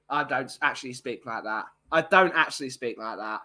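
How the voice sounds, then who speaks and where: A man's voice: mid-range voice, a little fast, pushed and bright. A man chatting casually on a live stream, rambling with lots of fillers.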